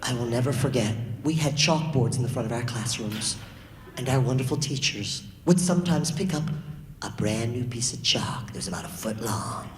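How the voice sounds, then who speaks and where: A storyteller telling a spooky tale to children, playful and lively, drawing the audience in with questions, recorded live on a large theatre stage. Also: mid-range voice, normal speed, echoey room, in a large hall.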